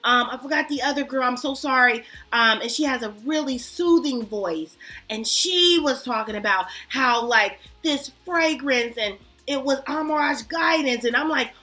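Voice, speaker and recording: A woman fragrance vlogger chatting casually to her viewers, animated and self-mocking. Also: high-pitched, normal speed, soft background music. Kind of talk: casual chat to camera.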